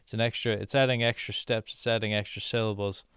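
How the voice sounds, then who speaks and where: A man from the United States with a somewhat low, smooth voice talks through his language-app practice in loose, rambling asides. He leans on constant "like" fillers and sounds amused. The sound is dry and close. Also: fairly even intonation, fast, a bit bright, no room sound. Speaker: vlogger learning a language. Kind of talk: casual commentary while doing app lessons.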